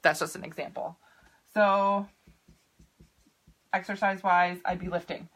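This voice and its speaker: A woman nutrition coach with a bright, forward voice chats casually on a live video. She is upbeat and laughs easily, drifting into tangents as she answers viewers. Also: on the low side, steady tone, unhurried.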